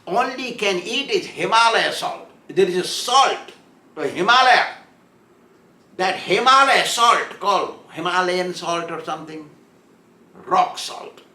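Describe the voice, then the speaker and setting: A man's voice: high voice, lively intonation, unhurried, bright, forceful tone. A man giving a storytelling sermon as a spiritual teacher, chuckling as he goes and acting out the voices in the story. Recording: echoey room.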